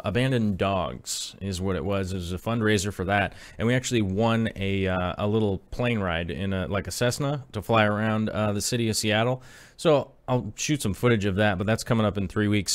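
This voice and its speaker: An aquarium channel host in his thirties chats loosely on a live stream, drifting between topics with lots of ums and uhs and reading viewer messages aloud along the way. His fairly low voice has a clean tone and is miked close, dry, with no room sound.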